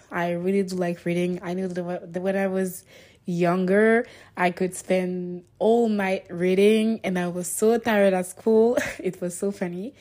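A seventeen-year-old girl from Niger hosting her first podcast, chatty and excitable, with self-conscious asides. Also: on the low side. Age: teens. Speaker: podcast host. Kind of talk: casual solo podcast talk.

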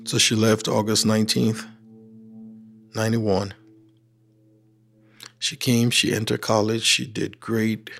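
Pausing at length, a middle-aged Liberian man speaks slowly in a low, gravelly voice with a Liberian accent. He narrates his own life with animation, performing the lines he quotes, and faint music runs in the background.

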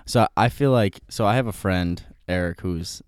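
A young man rambling through a casual podcast conversation, full of fillers and restarts. His voice sits low and resonant, recorded close and dry. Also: normal speed, clear, resonant tone, no room sound.

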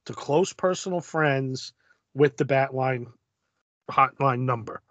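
A man's voice: medium pitch, slow, a bit bright, dry recording. A man co-hosting a casual chat about comic books, making dry, wry remarks. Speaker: podcast co-host.

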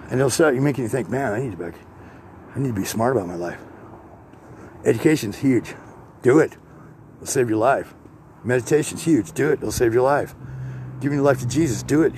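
A congested man talks as he walks outside, blunt and profane, drifting from complaint into preaching. His pitch sits mid-range for a man. Faint street and vehicle noise runs behind him. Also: a little mellow. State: congested, coughing from sinus drip. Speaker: podcast host. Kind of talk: rambling monologue.

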